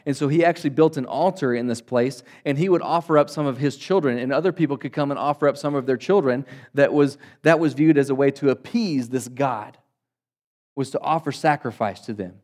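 A male pastor preaching a sermon to his congregation, swinging between loud emphatic bursts and quiet, low asides. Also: a little fast. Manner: dynamic preaching, rising loud for emphasis and dropping soft; addresses congregation as guys.

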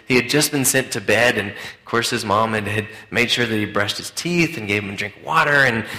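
A man's voice: medium pitch, bright, forceful tone. A man preaching a conversational sermon to a congregation, with frequent restarts. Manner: conversational, hesitant, with many restarts. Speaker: pastor. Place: church hall. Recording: echoey church room.

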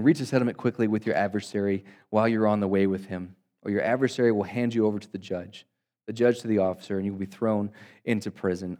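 A male pastor preaching a sermon to his congregation, swinging between loud emphatic bursts and quiet, low asides. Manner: dynamic preaching, rising loud for emphasis and dropping soft; addresses congregation as guys.

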